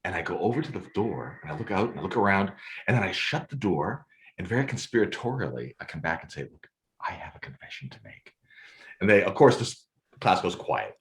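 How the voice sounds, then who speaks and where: A man's voice: low voice, fast. A man, a podcast guest telling stories in a theatrical way and laughing often. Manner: lively, theatrical, laughs often, acts out scenes. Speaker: guest, storyteller and photographer. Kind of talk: animated storytelling.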